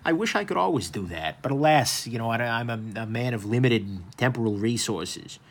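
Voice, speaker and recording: A man with a husky, slightly breathy voice talks through a knife teardown at an easy, conversational clip. He wanders off into joking asides and fills gaps with plenty of ums. His pitch sits in a plain middle range. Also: lively intonation, normal speed. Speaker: knife reviewer. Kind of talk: casual hands-on product review.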